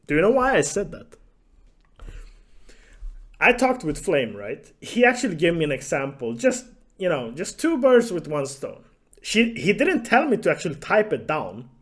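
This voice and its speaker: Young guy YouTuber, swears a lot, sarcastic, animated pitch, casual storytelling. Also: moderate pace. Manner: profane, sarcastic, laughs often.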